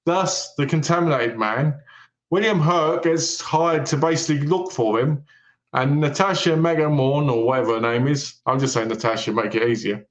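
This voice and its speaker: A man co-hosting a film podcast, his voice sitting a little high. He retells movie plots with energy, acting out the characters' lines as he goes. The recording has a roomy, echoey sound. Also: normal speed. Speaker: podcast co-host. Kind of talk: casual film review chat. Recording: echoey room.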